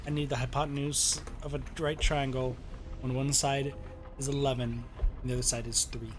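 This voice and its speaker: A man's voice: medium pitch, little pitch movement, moderate pace, music in the background. A man chatting with friends while gaming, teasing and goofy. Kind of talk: casual chat.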